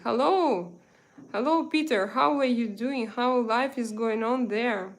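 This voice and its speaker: A woman from Russia with a Russian accent, hosting a casual live chat, slow and hesitant with many fillers. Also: on the high side. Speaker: live stream host. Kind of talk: casual live chat reading viewer comments.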